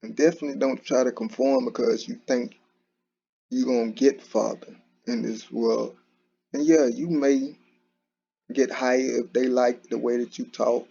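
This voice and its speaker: Heard on a dull lo-fi recording, a male commentary host talks at normal speed in a mid-range, fairly even voice that is creaky, mellow and husky. His casual solo commentary keeps restarting and repeating "you know."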